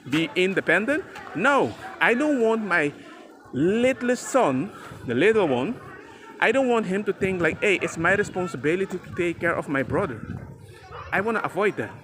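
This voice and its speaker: Animated high-voiced man talking to camera. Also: background noise. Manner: animated, emphatic, chatty, addresses viewer as "bro". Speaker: father sharing parenting advice. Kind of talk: casual talk to camera.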